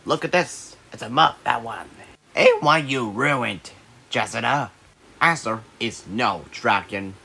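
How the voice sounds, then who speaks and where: A man voicing an excitable cartoon character who bickers with a witch in an animated, squabbling way. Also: medium pitch, takes it slowly, creaky, exaggerated voice. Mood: bickering. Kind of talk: cartoon voice acting.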